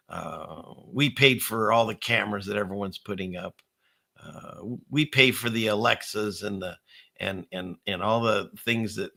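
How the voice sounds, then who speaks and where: A man's voice: on the low side, vocal fry, bright, forceful tone. A middle-aged man hosting a casual, rambling commentary show with a conspiratorial, chuckling manner. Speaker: channel host.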